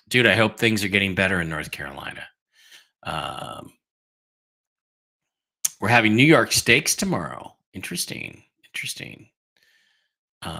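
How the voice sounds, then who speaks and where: Bright-toned man chatting casually. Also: deep voice, vocal fry. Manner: rambling, loose, with many fillers and asides. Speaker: host of an online news livestream. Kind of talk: casual livestream chat reading viewer comments.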